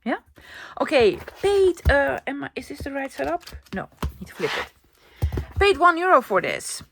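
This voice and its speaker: A woman's voice: high voice, sing-song, a little slow, gravelly, a bit bright, a little hiss or hum. Chatty woman vlogger. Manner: chatty, enthusiastic, thinking aloud. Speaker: craft vlogger. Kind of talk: casual show-and-tell vlog.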